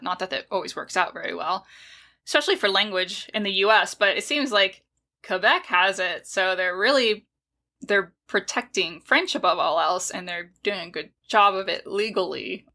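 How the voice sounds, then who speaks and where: Bright-voiced woman chatting. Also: mid-range voice. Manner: reactive, quick to agree, animated asides. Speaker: podcast co-host. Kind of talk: casual chat.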